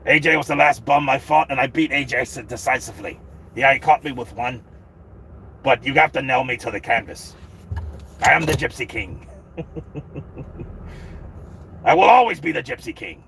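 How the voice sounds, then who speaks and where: A proud heavyweight boxer talks himself up in a self-assured, swaggering way, as a man impersonates him. The voice sits in a middle pitch, with faint noise behind it. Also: moderate pace, vocal fry, pauses often, sharp tone. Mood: boastful.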